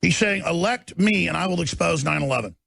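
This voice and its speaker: Man, radio host, heated rant, raw gravelly voice, breathy rasp, shouts at peaks. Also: on the high side, fairly quick, no room sound, studio quality. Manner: preachy, rising to shouting. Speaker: radio talk show host. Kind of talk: impassioned on-air rant.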